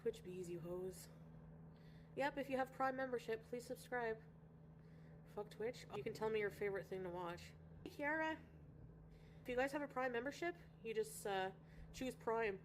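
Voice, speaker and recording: A woman's voice: on the high side, animated, moderate pace, long pauses, a little hiss or hum. A woman from Canada chatting casually on a livestream, rambling and greeting viewers by name. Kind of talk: casual livestream chat reading viewer comments.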